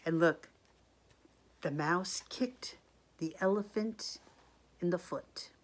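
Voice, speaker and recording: Slow, expressive woman reading a picture book. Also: lowish voice. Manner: expressive, gasps and asks the listener questions. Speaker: teacher reading aloud. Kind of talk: picture-book read-aloud for children.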